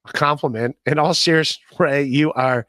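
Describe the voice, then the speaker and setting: A man's voice: on the high side, moderate pace, fairly bright tone, dry recording, clean studio sound. A man hosting a podcast, talking casually in a rambling way, with many fillers and restarts. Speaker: podcast host. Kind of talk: casual chat.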